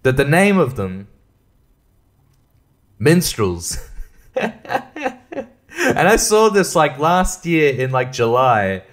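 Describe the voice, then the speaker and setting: A man's voice: medium pitch, very animated, takes it slowly, pauses often. A man, hosting a casual solo podcast, rambling and swearing with frequent laughs, short on sleep. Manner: rambling, profane, laughing often. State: sleep-deprived. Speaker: podcast host.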